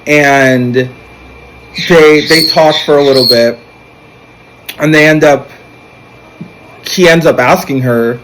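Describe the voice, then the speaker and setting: A man's voice: on the high side, slow, pauses often, a little hiss or hum, poor audio. A man recapping a film's plot in a casual, rambling way, with fillers and restarts. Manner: rambling storytelling, animated when quoting characters. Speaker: movie reviewer.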